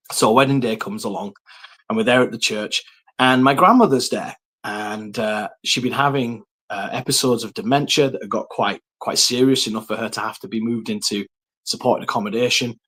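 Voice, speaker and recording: A man's voice: lowish voice, fairly bright tone. Earnest man recounting his life story. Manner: earnest, reflective storytelling with frequent ums. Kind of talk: personal faith testimony.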